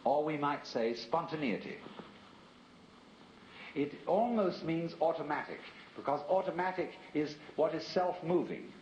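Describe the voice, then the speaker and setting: A man delivers a philosophical lecture in a measured, reflective voice, often turning to the listener with rhetorical asides. The archival tape sounds roomy and dull. A faint hiss runs underneath. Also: a little high, expressive, a little mellow.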